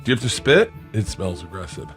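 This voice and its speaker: A man's voice: on the low side, very animated, a little fast, fairly bright tone, faint music behind. A man co-hosting a comedy podcast, telling stories with lots of swearing and acting out other people's lines. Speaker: podcast co-host. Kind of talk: animated comedic storytelling.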